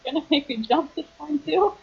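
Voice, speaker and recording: A woman's voice: high-pitched, normal speed, gravelly, lo-fi sound. A young woman playing a tabletop game, brash and gleeful, laughing as she describes her moves. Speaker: player.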